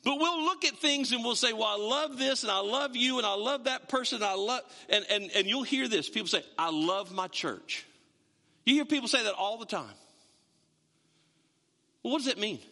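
A man preaching in a church, his high, lively voice swinging widely in pitch and ringing very bright. He jokes with the congregation, then drives his points home with emphatic bursts. The sound carries a long hall reverb. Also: moderate pace. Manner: conversational, joking preacher with emphatic rises. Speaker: pastor. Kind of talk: sermon. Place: church sanctuary.

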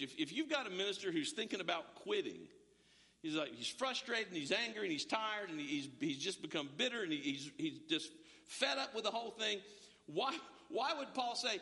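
A man's voice: high voice, very animated, normal speed, gravelly, sharp tone, big-room sound. A male pastor preaching an emphatic, streamed sermon, full of rhetorical questions and stammered restarts. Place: church, large hall, streamed.

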